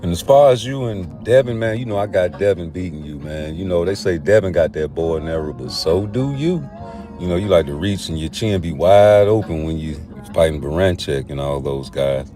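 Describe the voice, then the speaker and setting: A man's voice: low-pitched, moderate pace, mellow, soft background music. A man giving a blunt, profane, heated boxing rant in a casual commentary style.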